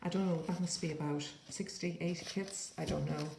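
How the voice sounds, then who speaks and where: Gravelly, low-voiced woman, chatty. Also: fairly even intonation, brisk, a little mellow, slight background noise. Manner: chatty, rambling, with playful asides. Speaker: paper-craft vlogger. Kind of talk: casual show-and-tell flip-through. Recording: echoey room.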